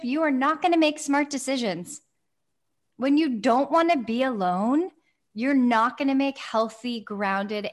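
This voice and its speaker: A young adult woman co-hosting a podcast, talking in an effusive, emphatic casual chat and repeating phrases for stress. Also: on the high side. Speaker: podcast co-host.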